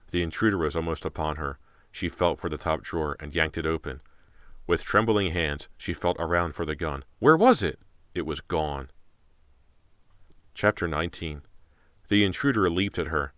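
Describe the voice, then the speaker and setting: A man's voice: extremely low pitch, a bit bright, clean tone, no echo, studio quality. A man narrating an audiobook in a tense, dramatic way. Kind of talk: scripted narration.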